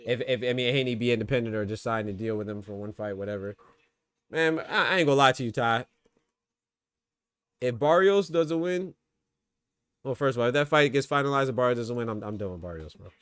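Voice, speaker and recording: A man's voice: medium pitch, brisk, long pauses, fairly bright tone, clean tone, no room sound, studio quality. A man hosting a boxing podcast, giving loose, slangy live fight commentary and talking to his chat.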